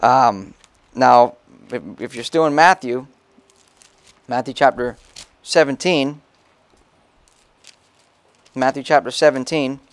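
A man's voice: medium pitch, takes it slowly, long pauses, smooth, dry recording. Man preaching, dry close sound. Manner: casual preaching, reads scripture aloud, frequent "okay?" asides. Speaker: pastor. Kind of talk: sermon. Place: church.

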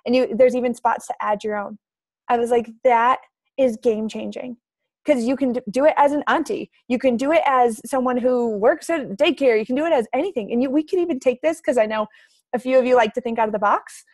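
A woman in her thirties leading a motivational team video call, energetic and emphatic. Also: fairly high pitch, fairly quick, dry recording, studio quality. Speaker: team coach leader.

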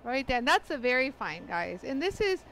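A woman's voice: sits high, very animated, moderate pace, a bit bright, slight background noise, rough recording. A woman hosting a live product demonstration, chatty and laughing often as she greets viewers by name. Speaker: livestream demo host.

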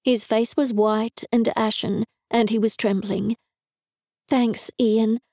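A woman's voice: on the high side, flat delivery, measured pace, a little mellow, no room sound. A woman reading a first-person novel aloud in a dry, wry manner, recorded close to a studio mic. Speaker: audiobook narrator. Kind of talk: scripted narration.

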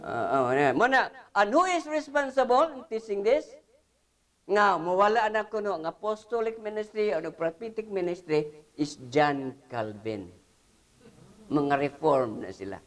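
High-voiced man teaching the Bible. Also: animated, moderate pace, fairly bright tone. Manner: mixes English with Cebuano, many hesitant fillers, emphatic scripture reading.

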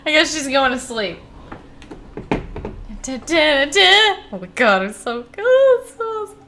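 A woman reacting to an animated short, gushing and excitable, swearing freely. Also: high-pitched, unhurried, a little hiss or hum. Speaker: video reactor. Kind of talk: reaction commentary.

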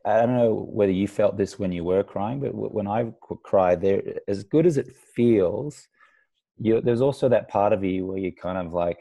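A man's voice: fairly low pitch, moderate pace, creaky, dark tone, highs cut off. A man with an Australian accent hosting a podcast interview, thinking aloud with frequent restarts and fillers. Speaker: podcast host. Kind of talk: conversational interview.

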